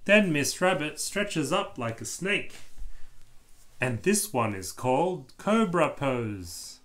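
A man reading a children's book aloud with expressive, animated storytelling. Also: a little high, slow. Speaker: storybook reader.

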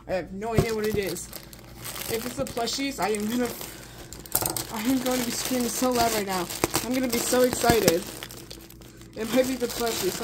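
Gushing woman at a noisy unboxing. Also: on the high side. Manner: gushing, keeps repeating exclamations. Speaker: unboxing vlogger. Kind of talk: excited unboxing chat.

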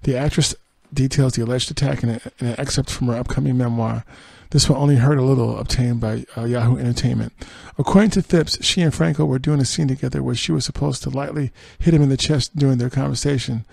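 A podcast host with a dark, gravelly voice reads entertainment headlines and quotes aloud. He drops dry, sarcastic comments between the stories. The sound is close and dry, with no room around it. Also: medium pitch, steady tone, fast talker, hardly any pauses, dry recording. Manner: reads quotes then adds dry sarcastic asides and laughs. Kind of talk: reading entertainment news with asides.

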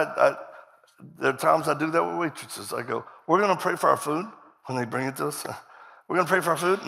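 A man's voice: on the high side, vocal fry, fairly bright tone. A middle-aged man preaching a storytelling sermon, acting out dialogue and laughing often as he talks. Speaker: guest preacher. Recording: reverberant hall.

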